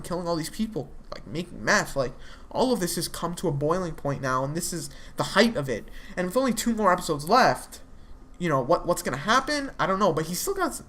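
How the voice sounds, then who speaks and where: Woman recap vlogger, lowish voice, loose and rambling delivery. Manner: rambling, filler-heavy retelling with frequent "like" and restarts. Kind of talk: casual spoken episode recap.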